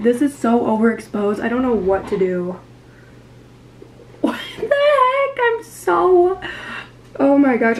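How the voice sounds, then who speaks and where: A woman's voice: on the high side, a little mellow, slight background noise. A young woman in a casual vlog, talking in an anxious, rambling way with lots of fillers. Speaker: vlogger.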